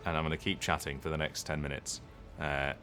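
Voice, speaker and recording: Deep-voiced guy streaming a game, lots of ums, soft music under it. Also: little pitch movement, fairly quick. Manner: rambling, hesitant, many ums and restarts. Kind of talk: casual live-stream chat.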